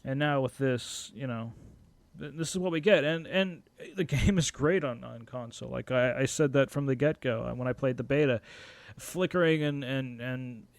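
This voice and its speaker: A man's voice: medium pitch, moderate pace, vocal fry, no room sound. A young man hosting his own podcast, ranting angrily and swearing freely, with laughs breaking through. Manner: angry, profane ranting; animated rant with laughs and frequent swearing. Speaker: podcast host. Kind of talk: solo podcast rant.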